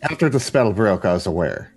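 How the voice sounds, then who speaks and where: A hesitant male player fumbles his words during a tabletop game. His voice is low but moves up and down a lot. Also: sing-song, breathy edge. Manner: hesitant, halting. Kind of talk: casual game chat.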